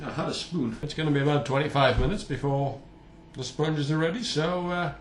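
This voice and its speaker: A man with a voice on the high side chats briskly while baking for his home cooking vlog, making lighthearted jokes about himself. The kitchen recording sounds roomy, with slight background noise.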